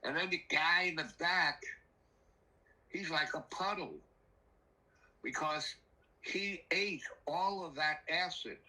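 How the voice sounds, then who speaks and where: An older man telling a rambling personal story in a casual, animated way, acting out the voices of the people in it. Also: fairly high pitch, takes it slowly, pauses often, rough recording. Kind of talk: casual spoken anecdote.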